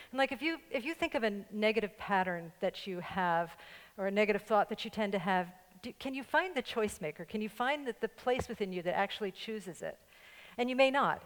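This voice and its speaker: An older woman pastor with a faint New York accent preaches in a joking, playful way, often laughing with her listeners. Her voice sits at a middle pitch, and a long reverb trails after it in the large church hall. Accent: slight New York. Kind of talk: sermon. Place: church sanctuary with congregation.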